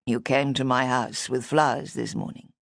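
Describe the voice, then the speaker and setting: A man's voice: mid-range voice, little pitch movement, normal speed, creaky, fairly bright tone, no echo, studio quality, pitched below the performer's own voice. A woman voicing a tall, tense, demanding young man. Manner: clipped, tightly controlled and demanding. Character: tall agitated young man, menacing but controlled. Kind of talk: audiobook character voice.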